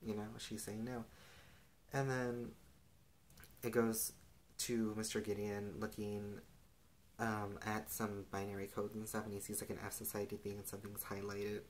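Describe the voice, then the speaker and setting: A young man casually recapping a TV episode, rambling and filling every pause with "like" and "and stuff.". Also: fairly low pitch, completely flat delivery, slight background noise, low-quality recording. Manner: rambling, heavy use of "like" and "and stuff".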